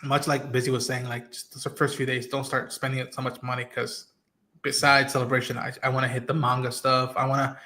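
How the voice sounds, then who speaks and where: Podcast guest, man, mid-pitched, rambling conversational, acts out quotes. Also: level tone, a little fast, bright, forceful tone. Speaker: podcast co-host. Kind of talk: casual chat.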